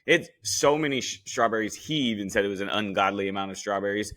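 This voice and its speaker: A man hosts a podcast with a bright, forward voice. He talks in a blunt, animated way and swears freely as he recaps casually. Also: lowish voice, quick pace. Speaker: podcast host.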